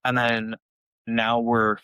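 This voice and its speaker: Softball dad co-hosting, casual and animated, jumps high when he quotes people, dry close sound. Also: slow pace, smooth, no echo. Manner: animated, acts out quotes in a raised voice. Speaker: podcast co-host, youth softball coach. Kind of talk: casual chat.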